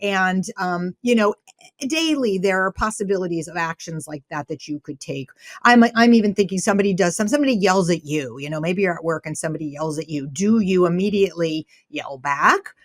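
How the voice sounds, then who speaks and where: Woman, slightly low voice, dry close recording, animated storyteller. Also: a little fast, dry recording. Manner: animated storyteller, acts out quoted dialogue. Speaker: guest speaker on kindness. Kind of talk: conversational interview.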